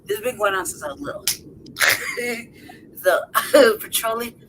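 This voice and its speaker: A woman's voice: a little high, takes it slowly, gravelly, a little hiss or hum, rough recording. A woman telling a story in casual, profane chat on a podcast, laughing often and acting out what people said. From city-raised. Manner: profane, animated, laughs often, acts out voices. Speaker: podcast co-host.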